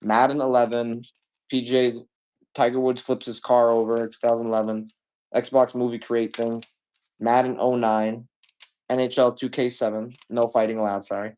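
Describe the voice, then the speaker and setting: A man selling used games on a livestream, rambling casually with profane jokes and shout-outs to chat. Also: mid-range voice, little pitch movement, moderate pace. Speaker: live sale seller.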